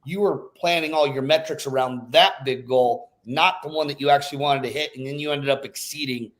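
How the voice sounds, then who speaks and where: A man's voice: medium pitch, a little fast. Man, podcast host; loose, rambling casual delivery; mid-range voice. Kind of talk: casual chat.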